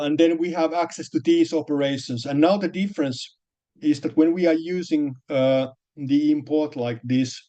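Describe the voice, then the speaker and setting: A male programming teacher who talks through his code haltingly, stopping to restart and fill pauses as he explains each step. His voice is mellow and unhurried. It comes through a somewhat dull, lo-fi recording. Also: medium pitch. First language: Finnish. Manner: hesitant, many restarts and fillers, explains step by step. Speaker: programming lecturer.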